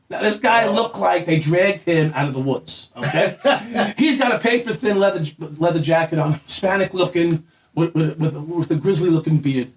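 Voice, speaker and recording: Telling a lengthy story in casual chat, a guest acts out quoted lines in a raised voice, laughing and swearing as he goes. The man's voice is a little high, his pace moderate, and the mic sits at a distance.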